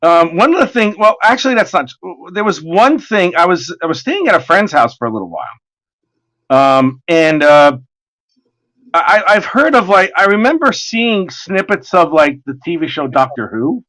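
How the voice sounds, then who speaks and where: A man in his forties chatting casually as he works, an animated, rambling storyteller with plenty of swearing. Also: high-pitched, moderate pace. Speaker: artist streaming his work. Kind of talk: casual chat.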